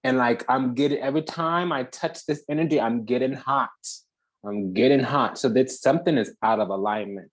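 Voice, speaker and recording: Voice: mid-range voice, moderate pace. Heated, profane spiritual reader. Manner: heated and profane, swinging between loud and hushed. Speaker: spiritual channel host. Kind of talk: spiritual reading monologue.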